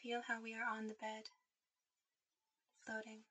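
Woman, whispered role-play sleep guide; bright, airy whisper held on one flat, level tone. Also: on the high side, unhurried, low-quality recording. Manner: soft intimate whisper, guiding to sleep. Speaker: ASMR performer.

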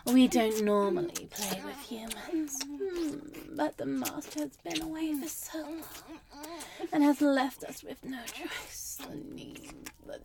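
A woman voicing a seductive, commanding immortal sister in a whispered role-play, speaking in a breathy, teasing whisper. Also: high-pitched, slow pace, a crowd in the background. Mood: sultry.

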